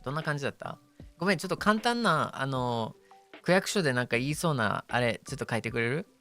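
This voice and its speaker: A man's voice: mid-range voice, expressive, racing, a bit bright, faint music behind. A young man streaming casual chat, joking and laughing often as he switches between English and Japanese.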